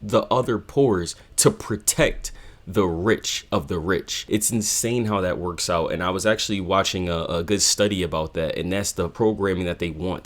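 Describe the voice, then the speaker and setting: A man hosting a music reaction video, talking earnestly and rambling with fillers between song plays. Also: low voice. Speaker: music reaction channel host.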